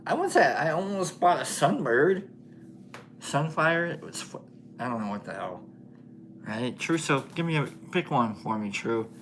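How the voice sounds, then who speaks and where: A man's voice: a little high, big pitch swings, normal speed, a bit bright, a little hiss or hum. A man hosting a casual livestream, chatting with viewers while he paints, laughing often and thinking aloud with many fillers. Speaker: livestream host.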